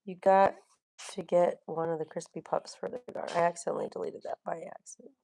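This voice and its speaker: A woman's voice: fairly low pitch, flat delivery, brisk, creaky, warm tone. A middle-aged woman chatting casually on her livestream, reading viewer comments, laughing often and swearing bluntly. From Florida. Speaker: livestream host.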